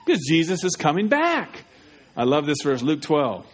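A man preaching with urgent, pleading force. His voice sits a little high for a man, and he keeps firing questions straight at the congregation. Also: wildly swooping pitch, normal speed. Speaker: pastor. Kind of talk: evangelistic sermon.

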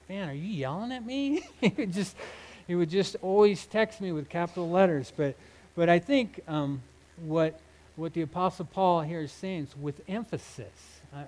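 Brief: male pastor, slightly higher voice, earnest emphatic sermon delivery, halting restarts. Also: low-quality recording. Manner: earnest, emphatic, with frequent restarts and soft laughs.

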